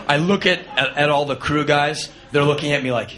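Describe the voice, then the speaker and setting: A man telling a comic spoken-word story in an animated, self-mocking, deadpan way. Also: on the high side, fairly quick, hardly any pauses, background noise.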